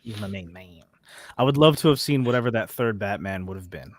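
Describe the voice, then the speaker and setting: A man in a casual chat, joking and lively. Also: on the low side, a little fast, dry recording. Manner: jokey, lively, does impressions.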